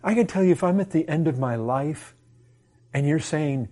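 A man's voice: fairly high pitch, lively intonation, moderate pace, mellow. A man preaching a sermon to his congregation, impassioned and full of rhetorical questions.

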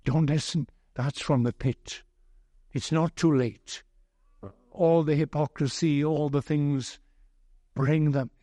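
Slow, earnest male preacher. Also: fairly high pitch, steady tone, warm tone, no room sound. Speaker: pastor. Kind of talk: sermon.

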